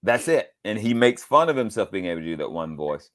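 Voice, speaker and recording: Middle-aged man from georgia, voice actor guest, lowish voice that swings all over, acts out quotes. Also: very animated, a little fast. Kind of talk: casual interview storytelling.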